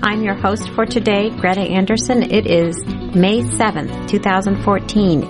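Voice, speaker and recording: A woman's voice: medium pitch, steady tone, normal speed, over music. Woman hosting a local radio show. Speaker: radio host. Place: radio studio.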